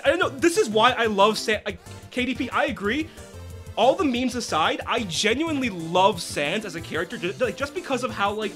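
A man chatting casually and excitedly on a game stream, rambling with quick restarts. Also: high-pitched. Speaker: voice-over co-performer on a stream. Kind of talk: casual chat.

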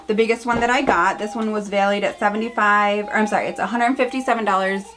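A woman's voice: medium pitch, steady tone, fast. A woman in her thirties at home, chatting casually to camera as a beauty vlogger, gushing and full of fillers and asides. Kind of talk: casual haul review to camera.

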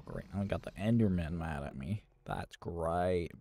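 Gravelly, lively man narrating his gameplay. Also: low voice, no echo. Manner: exasperated, talking to himself, mild cursing. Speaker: gaming channel host. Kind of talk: live gameplay commentary.

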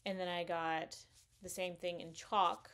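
A woman's voice: lowish voice, level tone, measured pace, a bit bright. A woman hosting a knitting podcast, chatting casually and enthusiastically, rambling a bit with fillers as she shows her purchases. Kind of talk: casual show-and-tell chat.

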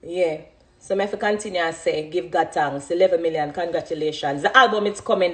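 A woman's voice: on the low side, fairly quick. A woman in her thirties with a Jamaican accent speaking passionately and emphatically about her career, full of thanks. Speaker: dancehall artist. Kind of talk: emotional spontaneous speech.

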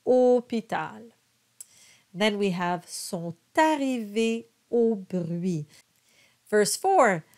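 Working as a choir diction coach, a woman speaks slowly and patiently, spelling out letters and carefully modeling each word several times over. Her middle-pitched voice has lively intonation throughout this careful pronunciation coaching.

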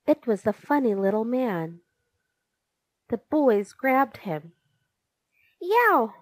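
A woman reads a children's storybook aloud, very slowly and expressively. Her pitch swings lively through each line. The recording is dry and close. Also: dry recording. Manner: slow, expressive. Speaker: narrator. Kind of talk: storybook reading.

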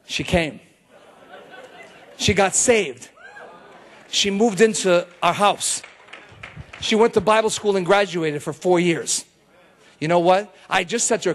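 A male pastor preaching a sermon in an animated, storytelling way, with bursts of shouting. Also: high voice, moderate pace, long pauses.

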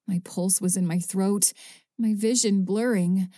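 Mellow woman reading an audiobook. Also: mid-range voice, fairly even intonation, a little slow, no room sound, clean studio sound. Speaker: audiobook narrator. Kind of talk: first-person audiobook narration.

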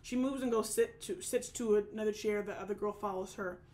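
A woman's voice: medium pitch, a little fast, darkish tone. A young woman chatting casually as she recaps a show, with lots of fillers and restarts. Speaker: recap vlogger. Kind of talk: casual reality TV recap chat.

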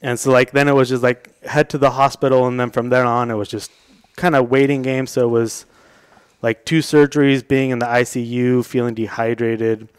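A man's voice: medium pitch, little pitch movement, normal speed, smooth, no echo, clean studio sound. A young man telling a story as a podcast guest, casually and loosely, swearing and laughing along. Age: young adult. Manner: laid-back, swearing, laughing through his story.

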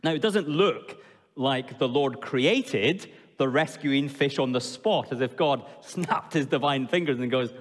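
A man preaching a sermon in an expressive way, asking the congregation questions and dropping low and slow for emphasis. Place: church hall. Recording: long hall reverb.

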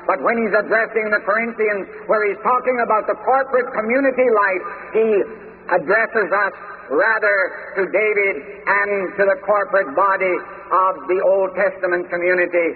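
A man delivers a measured, emphatic sermon in a fairly high voice. The recording is thin and tinny, as if through a phone line, with a long hall echo and a faint hiss underneath. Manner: measured, emphatic preaching with scripture quotes. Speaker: preacher.

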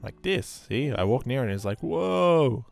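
A man's voice: lowish voice, normal speed, darkish tone, faint music behind. A man giving casual let's-play commentary while sleepy and yawning, rambling and swearing freely. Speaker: gameplay commentator.

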